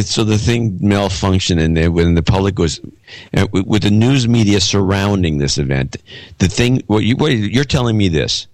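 Deep-voiced skeptical male co-host. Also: no echo. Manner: skeptical, probing questions. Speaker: podcast co-host. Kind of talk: casual chat.

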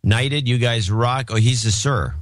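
A man's voice: medium pitch, a little slow, no echo. A man co-hosting a podcast, reading listener notes and adding wry remarks in casual banter. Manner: dry, wry, reads out donor notes. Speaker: podcast co-host.

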